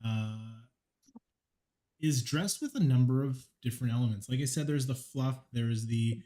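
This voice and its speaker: Male game master, mid pitch, easygoing narration full of ums; live tabletop stream. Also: normal speed, warm tone. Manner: casual, hesitant with many ums and likes.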